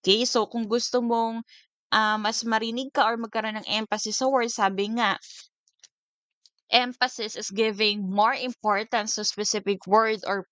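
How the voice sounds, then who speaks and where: Filipino woman teacher, mid-pitched, dry close recording, patient lecture delivery with frequent check-ins. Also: fairly bright tone, no echo. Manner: code-switching, frequent "okay?" checks.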